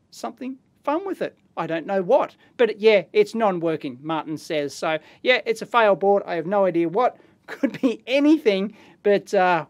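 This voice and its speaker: An excitable Australian man talks through an unboxing in his lab. His voice sits fairly high, and he rambles along in a casual way, full of slang and exclamations. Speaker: electronics video host. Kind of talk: casual unboxing and teardown commentary. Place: electronics lab, indoors.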